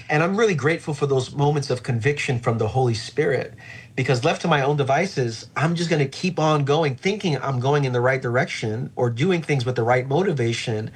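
A middle-aged male pastor speaks in a husky, mid-range voice at a slightly quick pace. He sounds reflective and earnest in this conversational podcast interview, often using filler words.

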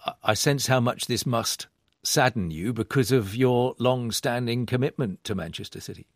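A man hosting a live radio discussion, asking measured, formal questions from a studio. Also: medium pitch, no room sound. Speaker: radio presenter.

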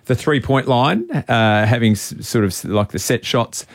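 A man's voice: mid-range voice, moderate pace. A man hosting breakfast radio, telling a story in a chatty way with plenty of ums and uhs. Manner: animated storytelling with frequent fillers. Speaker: radio host.

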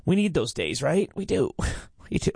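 A man's voice: on the high side, wildly swooping pitch, normal speed, vocal fry, a little mellow, husky, no room sound, clean studio sound. Playful, rambling radio host man. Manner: playful, rambling, self-mocking. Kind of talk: casual morning radio chat.

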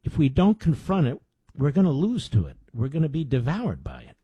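A man's voice: fairly high pitch, wildly swooping pitch, fairly quick, warm tone, breathy edge, no room sound. Male talk radio host, indignant and emphatic, dry studio sound. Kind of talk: talk radio monologue and call-in.

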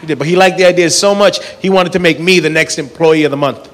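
A man with a fairly high, fast-moving voice does stand-up in a comedy club, spinning absurd stories in a relaxed way and playing both sides of each conversation. The live venue gives the recording a long reverb.

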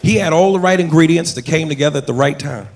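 A man's voice: a little high, fast talker. A man doing stand-up, talking straight to the crowd in a punchy way. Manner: punchy, addresses the crowd directly. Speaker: stand-up comedian. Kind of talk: stand-up routine. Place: comedy club stage. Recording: echoey live club with crowd and noise.

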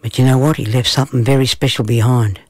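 A man's voice: mid-range voice, steady tone, fast, no room sound. A man telling a playful children's story. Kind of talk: storytelling narration.

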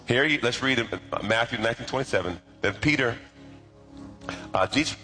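A man's voice: medium pitch, fairly quick, over music. A middle-aged man preaching a sermon in a conversational, playful way, asking the congregation to repeat after him. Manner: conversational, playful, calls for responses. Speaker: pastor.

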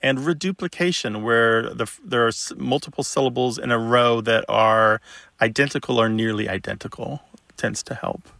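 A man co-hosting a radio call-in show, explaining language in a relaxed, explanatory way. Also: mid-range voice, normal speed, creaky, no echo. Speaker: co-host, word expert.

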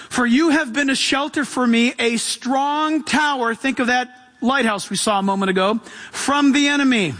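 High-voiced, animated male pastor preaching. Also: in a large hall. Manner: animated preaching, acting out voices, swings loud and hushed. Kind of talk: sermon.

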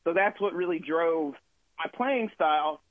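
A man who tours as a musician gives a relaxed phone interview, rambling in a friendly way and using lots of fillers. His fairly high voice moves a bit slowly, and the dry phone line is tinny.

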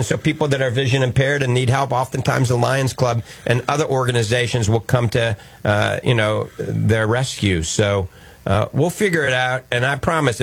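A man's voice: mid-range voice, creaky, breathy edge. A man with a New Orleans accent hosting a call-in health radio show as a doctor, folksy and reassuring. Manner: folksy, reassuring, chatty with laughs.

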